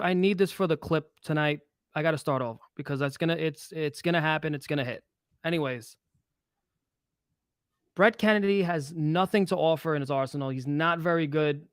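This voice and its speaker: A man with a somewhat high voice, giving sports betting picks bluntly in casual talk. He trips over his words and gets frustrated quickly. The sound is dry and close. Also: clear, resonant tone, dry recording.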